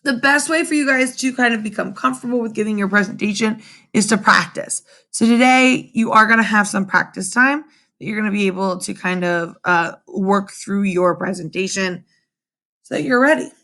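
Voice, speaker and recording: A young woman teaching a remote class from home through her computer's webcam, in a lively manner, often checking in with her students with "right?". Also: medium pitch, normal speed. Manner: animated, addresses students directly with frequent "right?". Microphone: computer webcam mic.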